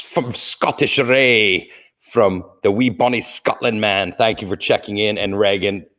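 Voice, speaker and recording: Beside a Christmas tree at home, a middle-aged man with a lowish voice hosts a casual livestream. He rambles and jokes, greets viewers by name and coughs now and then.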